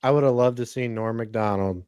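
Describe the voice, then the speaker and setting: A man's voice: medium pitch, normal speed, a little mellow, clean tone, no echo, clean studio sound. A man chatting casually on a podcast as a guest, swearing as he talks. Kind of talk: casual chat.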